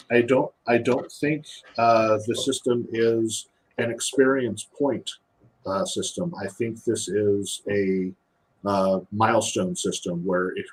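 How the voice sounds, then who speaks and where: A man's voice: lowish voice, slight background noise, low-quality recording. A man, a podcast guest, explains game rules casually, often restarting and repeating words. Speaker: guest game designer previewing a rulebook.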